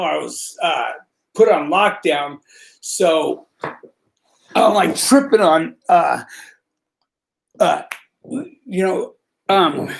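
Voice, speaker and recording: A man hosting his own stream rambles through prison stories, swearing freely and packing his talk with street slang and fillers. His voice has a gravelly, fried texture. It also sits a little higher than most men's. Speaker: vlog host telling prison stories. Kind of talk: rambling live-stream storytelling.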